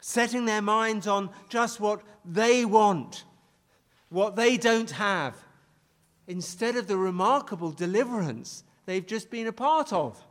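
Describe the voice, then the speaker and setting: A man's voice: sits high, lively intonation, slow, a bit bright. A man preaching a sermon, stressing and repeating key phrases as he leads his listeners through the text. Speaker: pastor. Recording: long reverb of a large hall.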